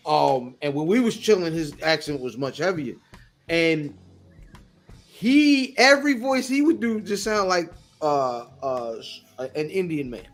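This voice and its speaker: A man's voice: a little high, expressive, unhurried. A man co-hosting a podcast in casual chat, telling loose, slangy stories and mimicking voices. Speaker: podcast co-host.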